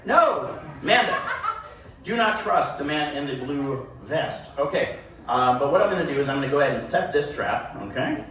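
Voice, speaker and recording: A man's voice: mid-range voice, expressive, a little fast, fairly bright tone. A man doing live sideshow stage patter with a volunteer, joking and self-deprecating as he rambles through his act. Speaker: sideshow performer. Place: live show venue with audience. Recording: echoey room, distant mic, background noise.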